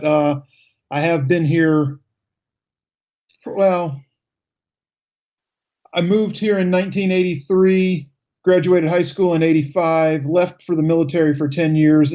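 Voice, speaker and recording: A man's voice: fairly high pitch, warm tone, lo-fi sound. A man of about fifty hosting a radio talk show in a casual, easygoing way, rambling a little and dropping offhand asides.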